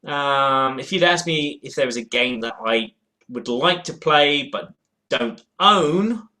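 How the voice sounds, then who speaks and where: A man's voice: mid-range voice, animated, takes it slowly, pushed and bright. Rambling man chatting to his webcam. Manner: rambling and hesitant, with many fillers and restarts. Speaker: board game vlogger. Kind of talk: casual chat answering viewer questions. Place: at home in front of a game shelf.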